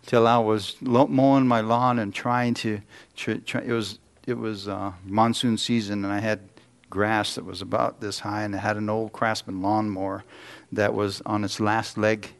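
A man's voice: on the low side, little pitch movement, moderate pace, vocal fry. A middle-aged man preaching a sermon, telling folksy personal stories and putting questions to the congregation.

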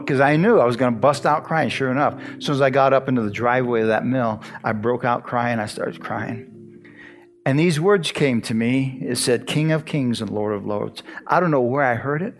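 A man's voice: medium pitch, normal speed, faint music behind. A man in his sixties from Arizona giving a folksy church testimony, chuckling often and restarting his words as he tells the story.

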